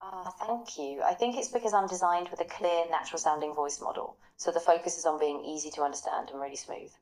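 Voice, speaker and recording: Low-voiced AI woman, practice partner, smooth, upbeat, always encouraging. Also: fairly even intonation, fast, a little mellow, low-quality recording. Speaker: AI voice assistant.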